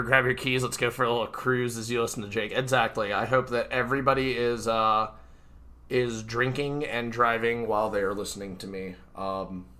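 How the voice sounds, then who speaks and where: A stuffy-nosed man hosts a live reading of his book from his room, speaking into a computer mic at his desk in a casual livestream chat. His mid-range voice is bright and forceful, and he talks loosely with lots of fillers and self-deprecating asides.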